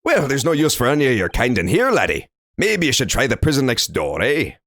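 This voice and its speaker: A man voicing a hostile middle-aged male prison governor in a game playthrough, putting on a gruff, sneering Scottish or Irish lilt. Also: medium pitch, wildly swooping pitch, a little fast, noisy background, voice pushed up. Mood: scornful. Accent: put-on Scottish or Irish lilt.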